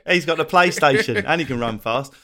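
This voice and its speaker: An English comedian and podcast host with an Essex accent chats casually in a slightly high, brisk voice. He's animated, swears freely and acts out voices in the middle of his stories.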